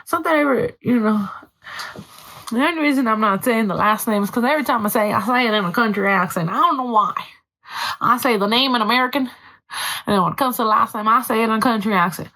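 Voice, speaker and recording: A young woman hosts her own podcast, telling a story in casual chat full of swearing and occasional slips into Spanish. Her voice is a little high, bright and forceful, she talks fast, and the recording is rough.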